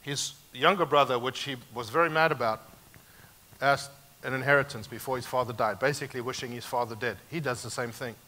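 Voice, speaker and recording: Bright-voiced man preaching with animated swings. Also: mid-range voice, brisk. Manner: animated, emphatic preaching with sharp swings between loud and quiet. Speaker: pastor. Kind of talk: sermon.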